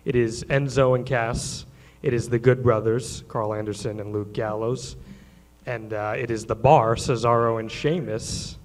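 A man's voice: medium pitch, fairly even intonation, measured pace. A man co-hosting a live stage show, setting up a story and handing it over to his guest. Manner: prompting the guest to tell the story. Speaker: co-host.

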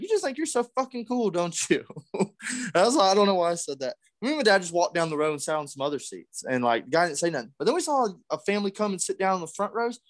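Animated man telling a story. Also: sits high, no echo, clean studio sound. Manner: animated, swears freely, acts out quotes. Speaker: podcast co-host. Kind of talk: casual storytelling chat.

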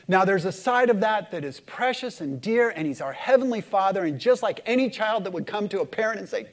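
A pastor preaches to his congregation in a high, expressive voice, swinging between loud, emphatic lines and hushed, slow passages. He leads the room in call-and-response.

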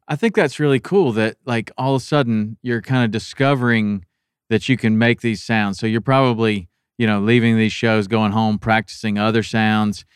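A man hosting a casual interview, asking relaxed, encouraging questions. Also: fairly low pitch, smooth, dry recording, clean studio sound. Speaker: interviewer, podcast host.

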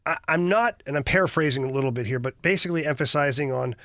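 A man hosting a sports radio show, with a bright, forceful voice pitched a little high. He jokes with his co-host and reads out listener messages. The studio sound is dry and close. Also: quick pace, no echo. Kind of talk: sports talk radio chat.

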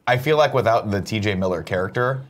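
A man's voice: lowish voice, fast talker. A man co-hosting a casual morning show, talking in an emphatic, rambling way and swearing freely. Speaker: co-host. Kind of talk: casual chat.

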